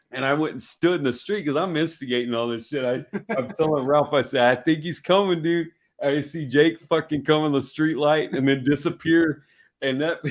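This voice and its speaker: A man from Texas hosting a casual live-stream chat, telling stories with lots of swearing and laughter. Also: fairly high pitch. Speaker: podcast host. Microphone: video call stream.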